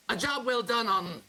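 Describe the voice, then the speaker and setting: A man's voice: high-pitched, bright, forceful tone, pitched above the performer's own voice, exaggerated voice. A man doing a smug little blue kobold. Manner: sly, mock-polite, pausing to search for words. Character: smug small male blue kobold with gemstones.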